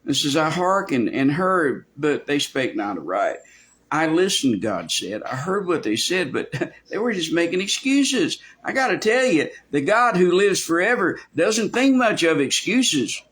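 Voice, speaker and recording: A man's voice: a little high, very animated, unhurried, fairly bright tone. A man preaching a verse-by-verse sermon in a folksy way, acting out quoted voices, with many restarts. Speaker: pastor. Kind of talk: expository sermon.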